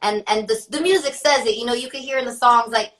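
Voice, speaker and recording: Bright, chatty young woman, slightly off-mic. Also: fairly high pitch, fast, recorded from a distance, low-quality recording. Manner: chatty, laughing, filler-heavy. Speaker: guest, rapper. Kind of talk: casual interview chat.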